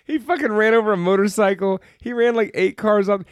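The voice sits high and moves a little fast, clean in tone, recorded in a studio without room sound. A man co-hosting a podcast chats casually about a film, recapping it sarcastically with profane jokes and mocking quoted voices.

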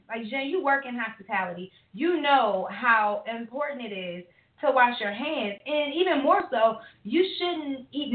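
A woman co-hosting a podcast, telling a long story in a profane, rambling, animated way with lots of fillers. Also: fairly high pitch. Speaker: podcast co-host. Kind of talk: casual ranting storytelling. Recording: echoey tinny phone-line audio.

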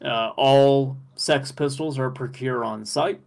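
A man co-hosting a podcast, chatting casually and excitedly, laughing often and rambling with fillers. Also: medium pitch, slow pace, creaky. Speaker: podcast co-host. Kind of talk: casual chat recapping an anime episode.

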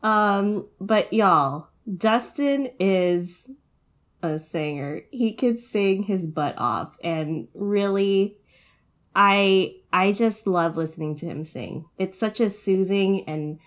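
A woman's voice: mid-range voice, expressive, takes it slowly. A woman co-hosting a casual chat, laughing often and cheering on her friend. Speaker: podcast co-host.

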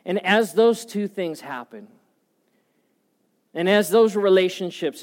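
A pastor delivering a sermon in a fairly high male voice. He builds to loud, pressing passages, then drops to near-quiet, intimate delivery. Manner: swings from loud urgent preaching to soft hushed delivery.

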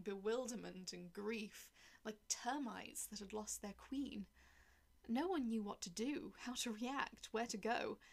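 A woman reading a dark first-person story aloud in a cold, detached way, often dropping to a whisper. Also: medium pitch, vocal fry. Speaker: narrator.

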